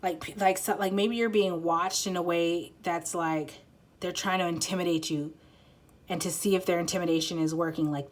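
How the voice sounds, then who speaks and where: A tarot card reader with a lowish voice talks at a normal speed in a steady tone during a casual reading. She meanders, fills her speech with "like," breaks off mid-thought, swears liberally, and apologizes a lot.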